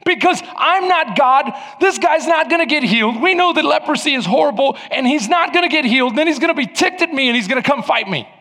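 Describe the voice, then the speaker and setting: A man playing a panicking ancient king, fearful and defensive, in an agitated, loud, high-pitched voice. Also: expressive, a little fast, few pauses, in a large hall, full character voice. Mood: panicked.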